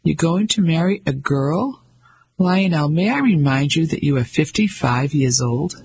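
A proud middle-aged wife, clipped and affronted, with a very raspy, husky, gravelly edge, as a man reads her lines. Her voice sits a bit high and stays cold and controlled. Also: animated, a little slow, a little mellow, full character voice. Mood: incredulous.

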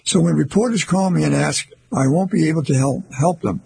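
A husky-voiced man reading the part of a courteous middle-aged auction house owner, speaking calmly. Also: on the high side, fairly quick, a little hiss or hum. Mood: polite.

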